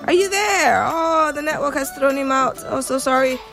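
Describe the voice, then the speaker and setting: A woman's voice: sits high, moderate pace, fairly bright tone, faint music behind. A woman hosting a morning radio phone-in, bubbly and playful, teasing callers and sometimes slipping into a sing-song lilt. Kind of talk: lively morning radio call-in chat.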